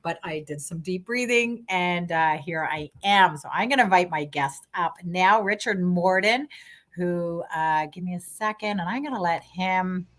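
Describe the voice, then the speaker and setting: A woman's voice: on the low side, a bit bright. A middle-aged woman from Canada hosts an online talk show over a video call. She talks in a chatty, slightly flustered way, with lots of fillers and easy laughs. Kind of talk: casual online show chat.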